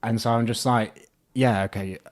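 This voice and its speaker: A man's voice: medium pitch, steady tone, moderate pace. A young man telling a funny dating story in casual chat, acting out the quotes and laughing often. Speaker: podcast guest.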